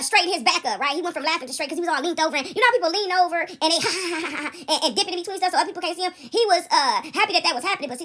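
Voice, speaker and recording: Brief: woman vlogger, quick and animated, high-pitched, storytelling straight into a phone app. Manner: animated, keeps asking "right?". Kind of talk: casual storytelling to viewers. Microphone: phone recording app.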